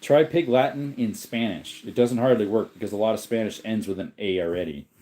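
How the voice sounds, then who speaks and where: A man hosting a livestream, reading viewer comments aloud in a relaxed, rambling way while yawning. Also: fairly low pitch, brisk. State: sleepy, yawning. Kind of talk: casual chat.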